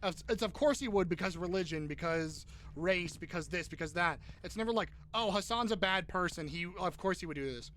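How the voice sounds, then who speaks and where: A man's voice: high voice, fairly quick, hardly any pauses, a bit bright, slight background noise. A man streaming live, talking in a heated, profane, casual way.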